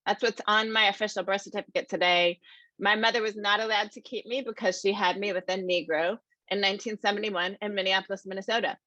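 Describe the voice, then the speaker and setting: Woman, about fifty, keynote speaker; bright, forceful voice, dry and slightly dull sound. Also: medium pitch, quick pace, no echo. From American Midwest. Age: around 50. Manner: lively, conversational, addresses the audience as y'all. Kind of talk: conference keynote storytelling. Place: conference room.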